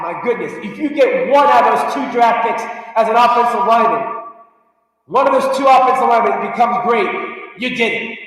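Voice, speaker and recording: A man hosts a live sports talk show in a high, fired-up voice, pushing his points hard and breaking into shouts. He sits well back from the mic in a very echoey room with a long reverb tail. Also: recorded from a distance. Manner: emphatic, fired-up, shouts at times. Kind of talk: live sports talk rant reading viewer comments.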